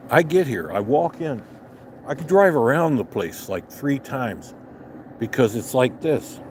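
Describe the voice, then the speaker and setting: An older man tells a road story outdoors in an angry, profane rant, swearing with nearly every line. His pitch swings widely as he goes. A faint outdoor ambience sits behind him. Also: a little mellow, slight background noise. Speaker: vlogger. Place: outdoors on a restaurant patio.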